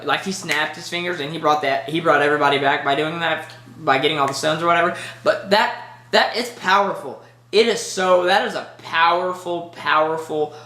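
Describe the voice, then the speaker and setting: A movie reviewer giving a casual spoiler review, rambling and excitable with lots of filler words. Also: mid-range voice, echoey room.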